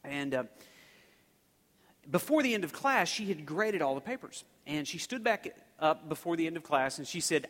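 A man's voice: on the high side, lively intonation, moderate pace, a bit bright. Chatty preacher man, hall reverb. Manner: conversational, rambling with restarts and fillers. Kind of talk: storytelling sermon. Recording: long reverb of a large hall.

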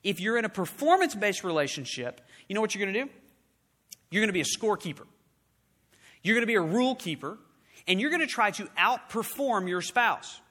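A man preaching a sermon with emphatic rhetorical questions, swinging between loud urgent lines and hushed ones. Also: sits high, big pitch swings, fairly quick, long reverb tail. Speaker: pastor.

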